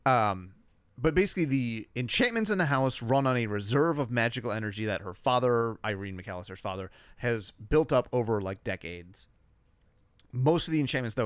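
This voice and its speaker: Man, crisp voice, dry close mic, relaxed podcast explainer. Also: mid-range voice, dry recording. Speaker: podcast co-host. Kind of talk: casual chat.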